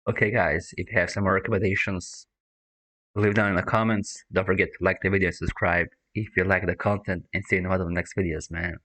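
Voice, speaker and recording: A man with a low, bright voice gives loose reaction commentary. He laughs a lot and swears freely, keeping it casual and unpolished. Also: fairly even intonation, moderate pace, long pauses, rough recording. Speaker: reaction video host.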